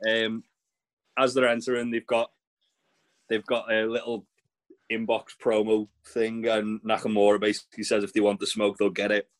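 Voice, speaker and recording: A man's voice: fairly low pitch, completely flat delivery, normal speed. Sweary man recapping wrestling. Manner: sweary, rambling recap with fillers. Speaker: podcast co-host.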